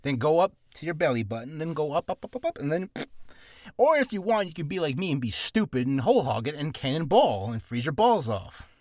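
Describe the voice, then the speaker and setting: A man's voice: fairly high pitch, big pitch swings, a little fast, hardly any pauses, darkish tone, no room sound. A man coaching voice acting in a loose, rambling, joking way. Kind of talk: casual coaching talk.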